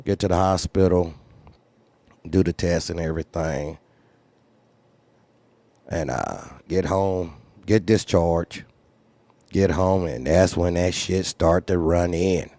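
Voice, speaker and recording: A man's voice: deep voice, slow pace, long pauses, dark tone, no echo. A man who runs a trucking company, candidly telling a story in a blunt, profane way and repeating phrases for emphasis. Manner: acts out others' lines in raised voice.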